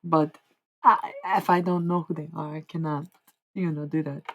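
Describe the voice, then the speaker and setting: Woman, livestream monologue, low voice, gravelly, husky, meandering, preachy. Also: level tone, normal speed. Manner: meandering, preachy, keeps asking "okay?".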